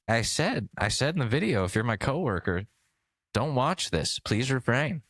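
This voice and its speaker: A man's voice: medium pitch, sing-song, moderate pace, fairly bright tone, dry recording. A young man co-hosting a podcast, chatting casually and comedically, acting out voices and laughing often. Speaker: podcast co-host.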